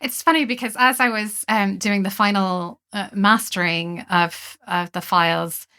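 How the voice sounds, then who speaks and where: A woman's voice: medium pitch, fairly even intonation, unhurried, sharp tone, clear, resonant tone. A woman interviewer talking in an earnest, persuasive way with filler words. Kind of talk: casual interview conversation.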